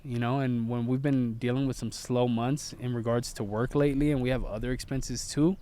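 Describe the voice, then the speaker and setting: A man in his thirties, a father and vlogger, calmly explaining how he and his wife made a family decision, in an earnest, laid-back way. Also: mid-range voice, a little fast. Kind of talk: casual storytelling.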